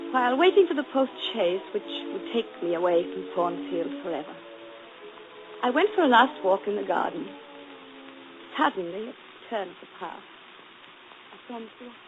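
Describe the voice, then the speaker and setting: A woman playing a proud, earnest young governess in a 1940s radio drama, crisp and dignified, turning bitter and fervent, and also narrating the story. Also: fairly low pitch, natural voice. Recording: muffled noisy 1940s radio broadcast.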